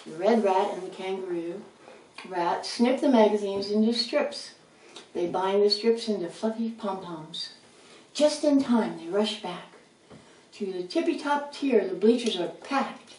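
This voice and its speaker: A woman's voice: mid-range voice, a little slow, darkish tone. Lady reading a kids storybook, mic kinda far away. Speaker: storybook reader. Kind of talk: reading a children's story aloud. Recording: roomy sound, mic at a distance.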